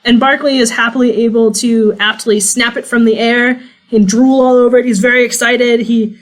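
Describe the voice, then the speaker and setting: A woman's voice: on the high side, steady tone, normal speed, poor audio. A woman running a tabletop game as game master, narrating with easy amusement. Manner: amused, laughs often.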